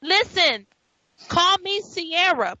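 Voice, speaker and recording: High bright lady host from new york, chatty storytelling, dry dull-sounding mic. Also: slow, no room sound. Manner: storytelling, laughing, animated asides. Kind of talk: casual chat. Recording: dull lo-fi audio.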